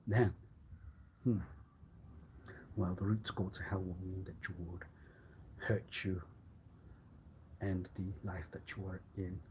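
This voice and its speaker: A man rambling alone on a livestream in a meandering way, repeating himself and often clearing his throat. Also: low-pitched, noisy background. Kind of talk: rambling solo livestream monologue.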